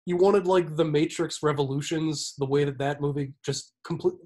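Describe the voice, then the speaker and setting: A man's voice: a little high, fairly even intonation, moderate pace, darkish tone. A man co-hosting a casual movie podcast, teasing his co-host with dry pushback. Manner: dry, teasing, pushes back. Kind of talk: casual movie-review chat.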